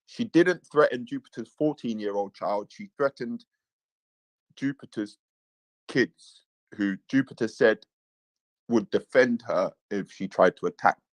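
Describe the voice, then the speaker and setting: A man's voice: fairly low pitch, unhurried, dry recording, low-quality recording. A man hosting a casual livestream, reading viewers' messages aloud and repeating his own phrases. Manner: reads chat aloud, repeats himself, chuckles. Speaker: livestream host.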